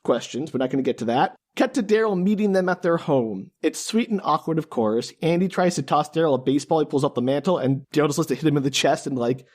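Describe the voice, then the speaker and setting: A man's voice: on the high side, lively intonation, fast talker, few pauses, a little mellow. A man co-hosting a podcast, recapping a movie in casual chat with dry, sarcastic asides.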